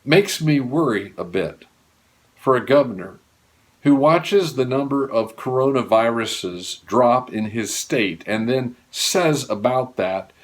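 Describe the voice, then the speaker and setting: A male pastor preaching a sermon, earnestly, with wide swings from raised emphasis to hushed low lines. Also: expressive, slow pace. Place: church.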